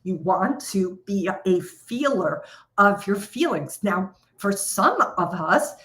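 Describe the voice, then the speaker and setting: A woman's voice: mid-range voice, big pitch swings, slow, a bit bright. A middle-aged woman leading a live coaching session, speaking directly to viewers and stretching out key phrases for emphasis. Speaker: trading coach.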